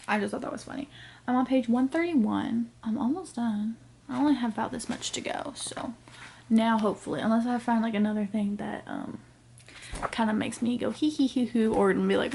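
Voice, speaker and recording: A young woman chatting casually to camera about her reading, tired and sleepy late at night, often dropping to a hushed near-whisper so her family won't hear. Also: on the high side, fairly quick, creaky, slight background noise. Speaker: book vlogger. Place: home at night with family nearby.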